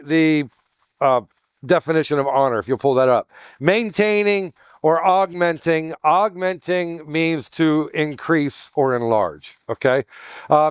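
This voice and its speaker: A pastor in a sermon, teaching in a chatty way, with joking asides and questions for the congregation. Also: male voice, on the high side, smooth, no echo, studio quality. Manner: chatty, jokey asides, asks the room questions.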